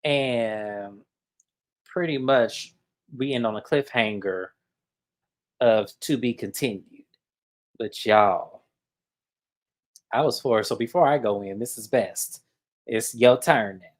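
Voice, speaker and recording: A host recapping a reality TV episode in casual, gossipy, animated talk that swears freely. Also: mid-range voice, slow, pauses often.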